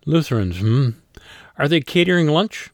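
Man reading as a raspy polka band front man. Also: on the high side, sing-song, moderate pace, no echo, studio quality, voice pushed up. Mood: wry. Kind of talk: audiobook character voice.

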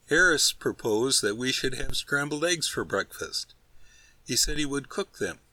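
A man's voice: mid-range voice, bright, forceful tone, no room sound. A man reading a comic novel aloud as an audiobook narrator, in a wry, storytelling manner. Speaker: audiobook reader. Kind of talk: scripted narration.

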